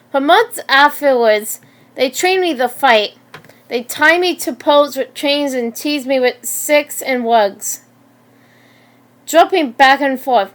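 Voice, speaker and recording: A woman in her twenties reading her own story aloud in a halting way, often stumbling and restarting words. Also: sits high. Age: 20s. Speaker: story narrator.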